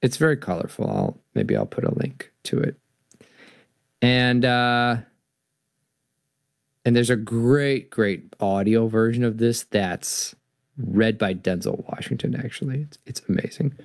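A man hosting a show about storytelling, reading a children's book aloud and talking through what it means. His voice is gravelly and swings widely in pitch. The recording is dry, with little room sound. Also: unhurried, no room sound. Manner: animated, restarting storyteller. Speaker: host. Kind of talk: reading and discussing stories on a podcast.

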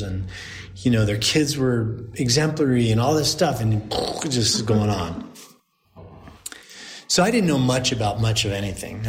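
A man's voice: fairly low pitch, a little hiss or hum. A man in his forties, a priest, telling a story to a group in a chatty way, laughing often and restarting his sentences.

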